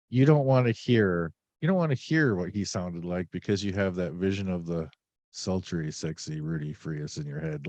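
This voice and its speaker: A man's voice: sits low, darkish tone, no room sound, dull audio. A man hosting a podcast in casual chat, a little under the weather, rambling and joking with many fillers. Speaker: podcast host.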